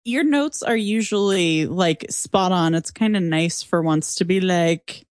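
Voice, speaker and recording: A woman co-hosting a casual recap chat, jumping in with quick, lively remarks. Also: fairly low pitch, no room sound, clean studio sound. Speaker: podcast co-host.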